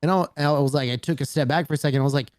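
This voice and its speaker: A man's voice: fairly high pitch, rapid-fire, dry recording, clean studio sound. A man co-hosting a casual podcast, telling stories with lots of swearing and "bro". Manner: animated storyteller, swears freely, says "bro" a lot. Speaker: podcast co-host. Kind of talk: casual chat.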